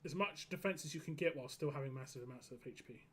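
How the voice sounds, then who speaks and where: A hoarse man streaming a game live, giving casual, rambling commentary full of "like". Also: mid-range voice, quick pace, a bit bright. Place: home gaming setup.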